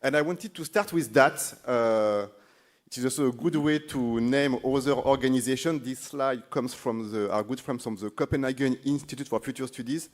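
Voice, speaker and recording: A man with a French accent, speaking English as a second language, moderating a conference panel in a halting way, often repeating words as he searches for phrasing. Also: mid-range voice. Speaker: panel moderator, corporate foresight lead. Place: conference stage.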